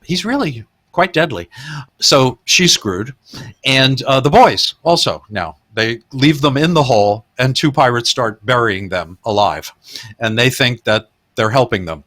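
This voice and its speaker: Man, podcast host, bright voice, laughs while recapping movie scenes. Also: medium pitch, a little slow. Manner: chuckling, animated retelling of gags. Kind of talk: casual film discussion.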